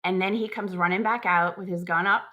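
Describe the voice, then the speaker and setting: A woman in her thirties, a podcast guest, retelling a personal story in a lively way, acting out sounds and quotes. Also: on the low side, a little fast, highs cut off. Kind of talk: emotional storytelling.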